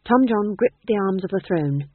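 A woman reading a comic fantasy novel aloud in a wry, measured storytelling manner. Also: mid-range voice, lively intonation, slightly rough, dry recording. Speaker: audiobook narrator. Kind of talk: scripted narration. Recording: tinny phone-like dry sound.

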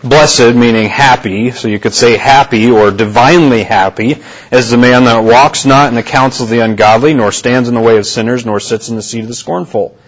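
A man's voice: mid-range voice, fairly quick, poor audio. A man preaching a sermon to his congregation, in an earnest manner, often repeating and restarting his phrases and asking questions. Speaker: pastor. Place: church.

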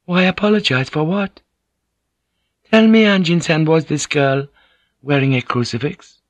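A man doing a gracious young noblewoman with a raised, lighter voice. She speaks calmly and formally, gently teasing, in a dry studio audiobook read. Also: fairly high pitch, no echo, voice pushed up, close to an everyday voice. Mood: calm, gentle. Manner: calm, measured, formal phrasing. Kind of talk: audiobook character reading.

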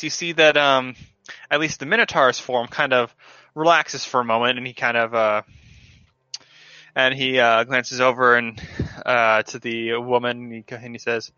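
A man running a tabletop game as game master, narrating loosely with lots of fillers. His bright voice comes through dry, muffled call audio with faint music underneath. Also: medium pitch, fairly even intonation, unhurried, pauses often, smooth, no echo. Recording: dull lo-fi online call audio.

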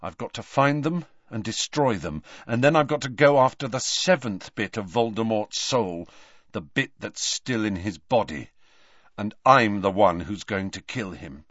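A man voicing a determined, grieving teenage boy in a low, quiet, steady tone. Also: a little slow, no room sound. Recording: slightly dull, dry audiobook recording.

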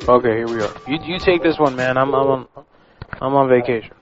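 A man hosting prank calls in a cheeky, goofy, deadpan way. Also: mid-range voice, fairly quick. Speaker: prank show host. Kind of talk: casual chat. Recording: dull lo-fi sound with music.

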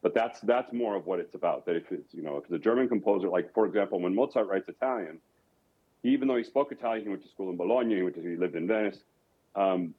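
A man's voice: deep voice, fast talker, husky. A man from rural Colorado, an opera singer guest, explaining his craft in a reflective, thoughtful way. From rural Colorado, USA. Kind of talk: casual interview talk. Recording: dull lo-fi audio.

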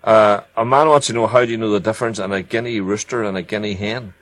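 A man's voice: lowish voice, steady tone, fast talker, a bit bright. Dry matter-of-fact radio co-host man. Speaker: radio co-host reading listener questions. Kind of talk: casual radio chat.

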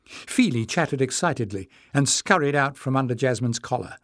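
With a mid-range voice, a man narrates a fantasy novel as an audiobook, scripted, measured and expressive. The audio is studio quality without room sound.

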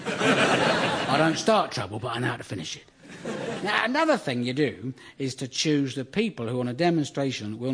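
Sardonic comedian, lively husky voice. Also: male voice, mid-range voice. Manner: dry, sardonic, self-mocking. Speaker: stand-up comedian host. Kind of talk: stand-up monologue and audience Q&A. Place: theatre studio with live audience.

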